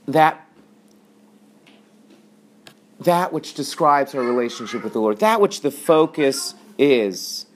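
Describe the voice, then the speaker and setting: A man's voice: on the high side, fairly bright tone. A man teaching a sermon on scripture, asking his listeners questions, answering them himself and repeating his key points. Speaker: teacher on weekly scripture portion.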